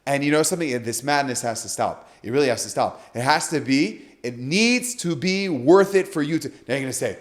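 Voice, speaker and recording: A man's voice: medium pitch, lively intonation, brisk, hardly any pauses. A man on a podcast, telling a story with animation and acting out the quoted dialogue. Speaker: guest speaker.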